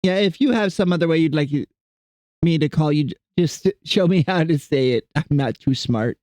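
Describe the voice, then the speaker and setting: A man's voice: on the high side, normal speed, darkish tone, dry recording. A man streaming and chatting casually with his viewers, rambling and self-deprecating as he greets people in chat.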